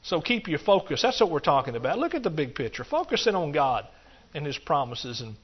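Here a preacher's slightly high, husky voice is very animated and a little fast. He builds rhythmically through repeated phrases, scattering hallelujahs, and the audio sounds dull and muffled.

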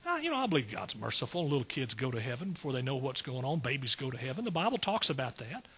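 A man's voice: medium pitch, very animated, fast talker, a bit bright, slightly rough. A male preacher giving a folksy sermon and calling out questions to his congregation.

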